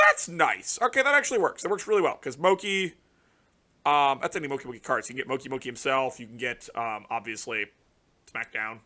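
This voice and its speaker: A man hosting his card game channel, reacting to new cards in casual, heavily profane commentary that swings between muttering and excited shouting. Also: a little high.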